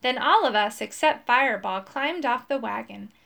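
A woman narrating a children's storybook in a clear, expressive read-aloud manner. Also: on the high side, normal speed. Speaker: storybook reader.

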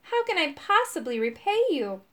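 A woman's voice: high-pitched, big pitch swings, normal speed, fairly bright tone, voice pushed up. A woman voicing a tearful, desperate grown man pleading for his daughter in a storybook reading. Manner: sobbing, pleading.

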